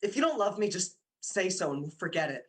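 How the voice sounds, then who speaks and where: A man's voice: sits high, big pitch swings, brisk. A young man playing a coaxing student boyfriend. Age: young adult. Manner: coaxing, teasing, insistent. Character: young male university student, persuasive boyfriend. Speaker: boyfriend Dick. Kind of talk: amateur radio drama acting.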